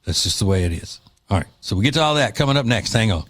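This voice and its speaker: A man's voice: on the low side, expressive, fast, very noisy. A man hosting a talk radio show, speaking in a loose, joking, opinionated way with plenty of fillers, recorded on a studio mic.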